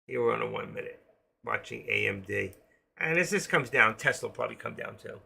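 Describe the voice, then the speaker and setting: Older man, New York accent, raspy gravelly voice, chatty live-stream host. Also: lowish voice, animated, a little fast, sharp tone. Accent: New York, with a trace of Florida. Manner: chatty, jokey, talks to viewers while trading. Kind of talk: casual live-stream commentary. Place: home.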